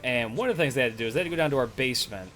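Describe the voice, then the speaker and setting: A man's voice: medium pitch, animated, very fast, fairly bright tone, soft background music. A young man streaming, telling stories in a rambling, profane casual chat with many fillers.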